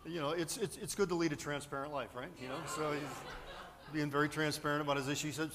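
A man's voice: on the high side, steady tone, quick pace. Rambling preacher man at the pulpit. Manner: rambling storyteller, many fillers and restarts. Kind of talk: sermon with anecdote. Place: church sanctuary at a pulpit.

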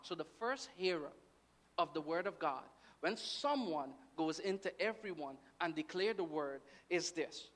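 Bright-voiced male preacher, lively. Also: a little high, a little fast. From Guyana. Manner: lively, with call-and-response "amen" and "right" checks. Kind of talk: sermon.

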